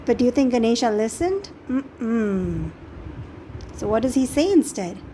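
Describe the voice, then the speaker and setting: A woman reading a picture book aloud to young children, gently expressive and pausing to ask the listener questions about the pictures. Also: fairly high pitch, slight background noise, poor audio. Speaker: storybook reader.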